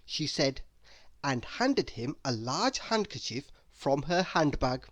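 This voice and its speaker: A woman narrating a children's bedtime story aloud, slow and expressive. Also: very deep voice, dry recording, clean studio sound.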